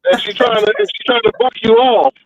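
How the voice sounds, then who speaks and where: A man with a fairly high voice joins over a remote call that sounds dull and lo-fi. He talks hesitantly and often starts his sentences over. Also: a little fast, crowd noise. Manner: hesitant, repeats himself. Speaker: caller. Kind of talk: casual chat.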